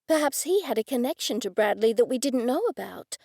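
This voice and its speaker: A woman narrating an audiobook in the first person with measured, even storytelling. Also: a little high, vocal fry, no room sound, clean studio sound.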